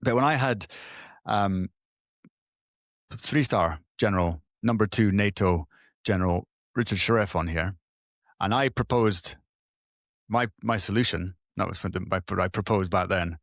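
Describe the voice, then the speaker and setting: Low-voiced podcast host, loose and halting. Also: male voice, no room sound, studio quality. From former soldier. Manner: loose, halting, restarts and asides while reading. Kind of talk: casual interview chat.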